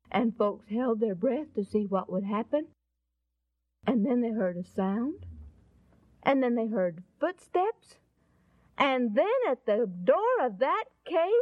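A woman narrating a Bible story in a folksy, expressive way and appealing to the listener. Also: mid-range voice, dry recording. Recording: dull lo-fi recording.

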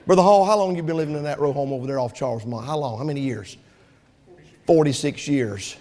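A man, preaching a sermon with rising shouts and call-and-response. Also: medium pitch, fast. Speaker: pastor. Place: church sanctuary. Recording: long hall reverb.

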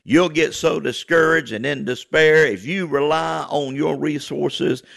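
A man's voice: fairly high pitch, steady tone, measured pace, gravelly, fairly bright tone, dry recording. A man preaching a fervent radio sermon, repeating phrases and calling out "amen" and "hey, listen" to his listeners.

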